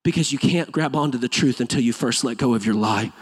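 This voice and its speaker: A man's voice: medium pitch, quick pace, husky. A man preaching a sermon in a church, emphatic and conversational, with touches of humor. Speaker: pastor. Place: church sanctuary.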